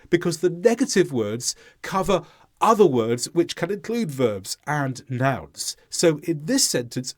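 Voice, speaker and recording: Slow, lively-voiced teacher. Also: male voice, fairly high pitch, no room sound, studio quality. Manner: deliberate, explains clearly and models sounds aloud. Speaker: English pronunciation teacher. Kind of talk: instructional lesson narration.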